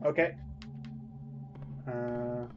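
A man's voice: medium pitch, fairly even intonation, very slow, highs cut off. A man commenting on a horror game as he plays, jumpy, yelping and swearing often. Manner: jumpy, loud yelps and frequent swearing. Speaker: gamer playing a horror game. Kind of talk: let's play commentary.

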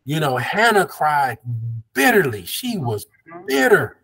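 A man's voice: a little high, big pitch swings, a little slow, fairly bright tone, breathy edge. A man from the American South leading an interactive Bible study as pastor, conversational and affirming, drawing call-and-response.

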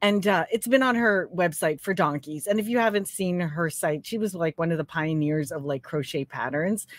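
A woman's voice: lowish voice, moderate pace, dry recording. A woman from Canada co-hosting a casual livestream chat about crochet, talking in a chatty way with lots of "like" and frequent laughs. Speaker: co-host.

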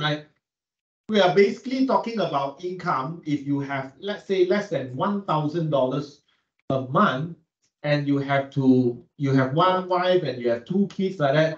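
Malaysian man lecturing in an echoey classroom. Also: fairly high pitch. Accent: Malaysian English. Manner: asks students frequent rhetorical questions; repeats words while searching for them. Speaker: economics lecturer. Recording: echoey room, distant mic, dull sound.

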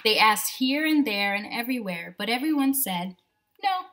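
A woman teacher reading a picture book aloud to her class from home, animated and talking to the children as friends. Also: fairly high pitch, normal speed, noisy background.

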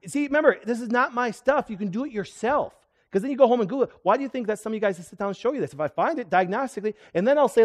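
A middle-aged man, a chiropractor, giving a lively seminar talk and quizzing his audience with questions. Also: high voice, quick pace. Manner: animated, asks the audience questions. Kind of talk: live seminar lecture to an audience.

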